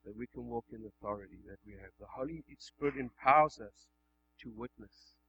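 A man preaches a sermon in a bright, forceful voice. He builds to loud, emphatic declarations, then drops to near-hushed tones. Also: medium pitch, brisk, gravelly, lo-fi sound, slight background noise. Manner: preaching that swings between loud emphatic passages and hushed quiet ones. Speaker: pastor.

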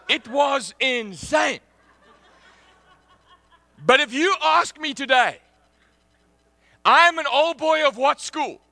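Animated high-voiced male preacher. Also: dry recording. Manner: animated, shouting and laughing through anecdotes. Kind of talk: sermon with storytelling.

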